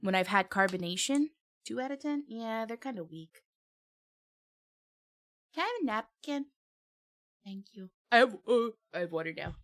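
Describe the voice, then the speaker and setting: A woman chats casually on her live stream, laughing often and talking between bites of food. Her voice is bright and a bit sharp. The sound is dry and close, with no room echo. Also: a little high, animated, normal speed, pauses often. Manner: chatty, laughs often, talks while eating.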